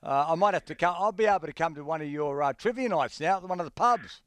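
A middle-aged man with an Australian accent hosting a sports radio show, talking haltingly with many fillers and restarts. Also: a little high, expressive, fairly bright tone, dry recording.

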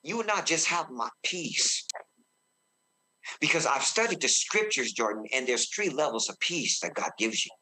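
Bright-voiced fervent male preacher. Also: lively intonation. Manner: fervent, shouting praise exclamations; slows and deepens when quoting God. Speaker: guest minister. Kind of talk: excited preaching in a talk show interview.

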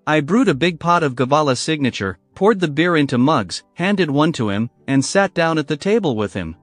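A man narrating a first-person story in a scripted, measured storytelling manner. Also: a little high, lively intonation, dry recording, faint music behind.

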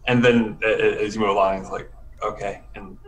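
A man's voice: lowish voice, flat delivery, normal speed. A man playing a tabletop role-play, hesitantly narrating his character's actions with many fillers. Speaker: player.

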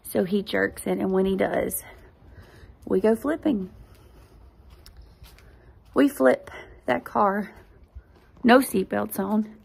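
A woman tells a personal testimony on her faith vlog. She talks earnestly and speaks straight to her viewers. Her voice is husky with a gravelly edge and sits at an ordinary pitch. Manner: earnest, animated storytelling addressing viewers directly.

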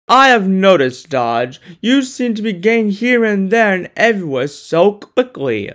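A performer voicing a proud, boastful big male steam engine in a fan-made animated series, pompous and gloating. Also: mid-range voice, a little slow. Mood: smug. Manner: pompous and gloating, turns to panicked yelling.

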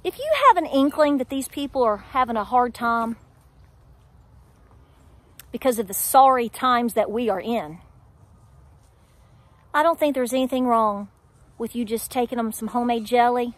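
A middle-aged woman with an Appalachian accent holds forth to her audience, firing off rhetorical questions and driving her points home with insistent repetition. Her voice sits high, and the recording is close and dry, with no room sound around her. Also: normal speed, pauses often, no echo. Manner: preachy, emphatic, rhetorical questions to viewers. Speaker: homestead vlogger. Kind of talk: candid talk to camera.

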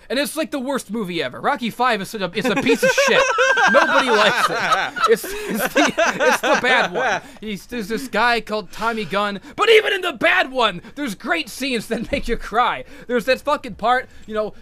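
High, bright-voiced male podcast host, rambling excitedly, swears a lot. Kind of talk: casual podcast chat.

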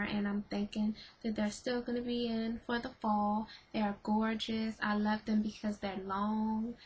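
A woman's voice: mid-range voice, husky, rough recording. A woman casually reviewing her favorite beauty and snack products for her vlog, gushing and repeating her praise. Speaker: beauty vlogger.

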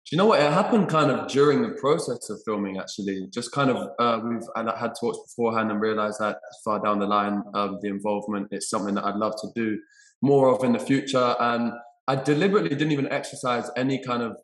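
A young man, an actor chatting casually in an interview, halting with many restarts and repeated words. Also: medium pitch, a bit bright, echoey room, low-quality recording. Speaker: actor and producer, interview guest.

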